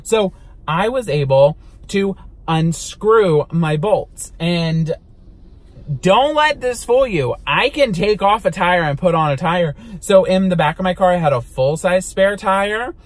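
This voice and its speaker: A young man vlogging from inside a car, telling a story in an animated, dramatic way and swearing now and then. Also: high voice, unhurried. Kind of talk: storytime vlog.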